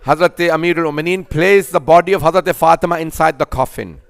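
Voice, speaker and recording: High, clear-voiced impassioned male preacher. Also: quick pace, no echo. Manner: impassioned, rising to fervent crescendos. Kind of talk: mourning sermon. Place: mosque.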